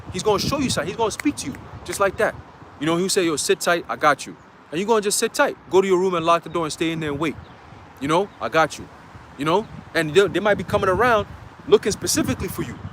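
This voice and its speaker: A man delivers a street sermon in a city setting, dramatic and slangy, with emphatic check-ins of "okay?" to the people listening. He speaks quickly in a high voice with lively intonation, over a slight hiss or hum.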